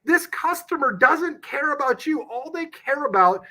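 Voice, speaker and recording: Man, podcast guest, passionate, emphatic, salesman-like, bright tense voice. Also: extremely high pitch, expressive, measured pace. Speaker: guest, real estate investor. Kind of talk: casual podcast interview.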